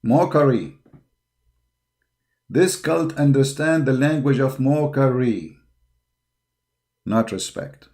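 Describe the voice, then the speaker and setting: A man with a gravelly, creaky voice holds forth in a heated monologue. He circles back on his own words, stacks up fillers, and presses every point with confrontational force. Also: mid-range voice, takes it slowly, long pauses, darkish tone. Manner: combative, repeats words, frequent fillers. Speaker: online apologetics show host. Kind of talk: impassioned monologue.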